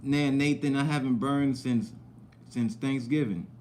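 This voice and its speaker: Young dude going live, bit of a southern twang, rambling street slang, regular middle voice. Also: male voice, medium pitch, fairly even intonation, measured pace, darkish tone, a little hiss or hum. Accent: slight Southern US. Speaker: livestream host. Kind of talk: casual livestream chat.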